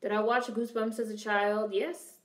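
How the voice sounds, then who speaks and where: A woman's voice: a little high, level tone, moderate pace, echoey room. A young woman casually commenting on a film during a live stream, swearing freely and answering her chat. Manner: chatty, swearing, reads and answers viewer chat.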